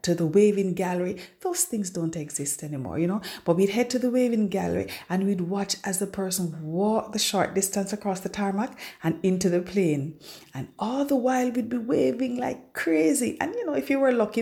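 A woman teaching a devotional Bible lesson, telling it as an expressive, dramatic story. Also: medium pitch, creaky. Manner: expressive, dramatic storyteller who acts out scripture.

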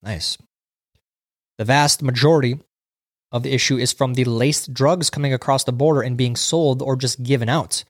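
A man's voice: medium pitch, dry recording, studio quality. Chatty man reading viewer comments. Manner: chatty, reads viewer comments aloud and riffs on them. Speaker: livestream host reading chat. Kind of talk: casual chat.

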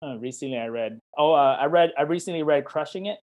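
A man's voice: a little high, fast, dull audio. A man, a certified life coach, answering interview questions in an encouraging, casual way over a video call, often acting out little quoted exchanges. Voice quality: warm, encouraging, talks in questions and quoted dialogue.

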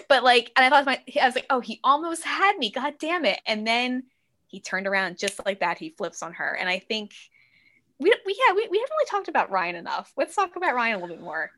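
Bright chatty woman cohosting a podcast, acts out lines w big pitch jumps, swears a lot. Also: sing-song, a little fast. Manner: swears freely. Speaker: podcast co-host. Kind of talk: casual chat.

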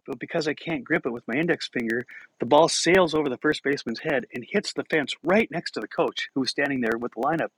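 A man's voice: medium pitch, a bit bright, slightly rough, low-quality recording. A man hosting a podcast, telling a personal story in a casual, self-deprecating way with chuckles. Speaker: podcast host.

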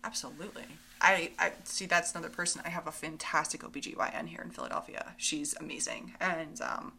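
A woman's voice: sits low, a little fast, vocal fry, bright, forceful tone, slightly rough. A young woman co-hosting a podcast, chatting casually and enthusiastically. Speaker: podcast co-host. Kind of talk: casual chat.

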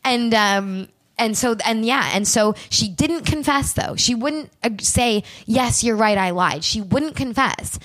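A woman casually telling a true crime story for laughs, animated and acting out the people in it. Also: on the high side, measured pace, hardly any pauses. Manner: animated, acts out quoted people with swearing and asides.

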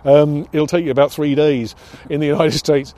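A man's voice: on the high side, fairly even intonation, normal speed, mellow. An older British man, a former pilot instructor, reminiscing in an oral history interview with frequent hesitations and restarts. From United Kingdom. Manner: reflective, many restarts and hesitations.

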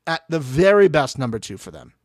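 Animated high-voiced man ranting. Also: fairly quick, dry recording, studio quality. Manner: animated, profane, acts out cast members in quoted voices. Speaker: podcast co-host. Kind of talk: casual reality TV recap chat.

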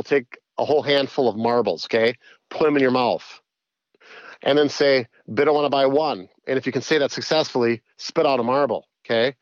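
A man's voice: medium pitch, dry recording. A middle-aged man co-hosting a podcast, rambling and playful in loose banter. The recording sounds a little dull and lo-fi, with dry, close audio and no room around him. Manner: rambling, playful, does auctioneer patter. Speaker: podcast co-host. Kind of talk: casual comedic chat.

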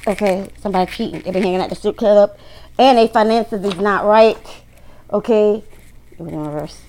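A woman's voice: medium pitch, a little fast, warm tone, slight background noise, low-quality recording. A woman doing a casual tarot reading, talking bluntly to her viewers and swearing freely. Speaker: tarot reader.

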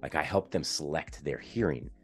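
Very deep-voiced man explaining earnestly. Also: normal speed, soft background music. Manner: earnest and explanatory, gets animated and louder when making points. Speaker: youth sports coach and author, podcast guest. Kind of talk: in-depth interview conversation.

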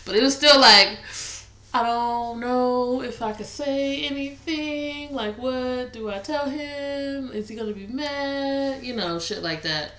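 Slow-talking bright young woman, frank. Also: sits high. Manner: frank, laughs often, swears casually. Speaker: podcast co-host. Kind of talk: casual chat. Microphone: studio mic at a table. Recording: roomy echo.

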